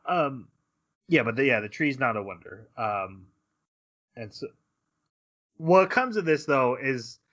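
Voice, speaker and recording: A man's voice: mid-range voice, sing-song, slow, long pauses, fairly bright tone. A man co-hosting a podcast, recapping episodes in casual chat and acting out characters' lines as he goes. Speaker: podcast co-host.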